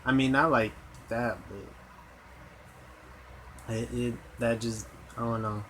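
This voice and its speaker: A man's voice: mid-range voice, steady tone, takes it slowly, a bit bright, slight background noise, low-quality recording. A man hosting a reaction video, commenting hesitantly and thinking aloud with ums. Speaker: host reacting to a clip.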